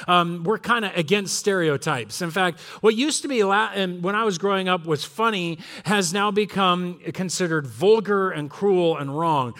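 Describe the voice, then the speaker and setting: A middle-aged man from Southern California delivers a conversational sermon, his voice sitting high for a man. He tells stories with energy and slips into the voices of the people in them. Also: normal speed, hardly any pauses. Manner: storytelling, animated, acts out voices of family. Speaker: pastor.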